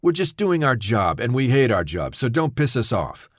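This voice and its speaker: A tired, irritable guard giving blunt orders, as the narrator reads him. The delivery is clipped and impatient, and the recording is dry and close. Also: male voice, medium pitch, big pitch swings, normal speed, no echo. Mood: weary. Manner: curt, weary. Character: weary, irritable male armored guard.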